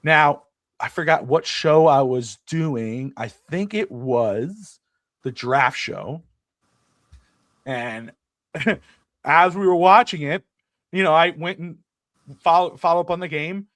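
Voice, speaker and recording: A middle-aged man co-hosting a casual sports talk show, ranting with animated energy and swearing freely. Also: fairly high pitch, slow pace, long pauses, dry recording, studio quality. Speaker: podcast co-host.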